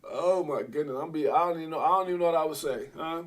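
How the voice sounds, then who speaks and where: A middle-aged man hosting a casual crypto livestream, rambling and breaking into loud excited bursts. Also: on the high side, fast.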